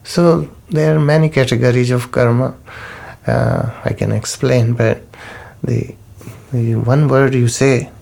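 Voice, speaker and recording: Slow gravelly man teaching. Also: medium pitch, steady tone, darkish tone. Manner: unhurried, repeats key terms, non-native phrasing. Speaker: spiritual teacher. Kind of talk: slow spoken teaching talk.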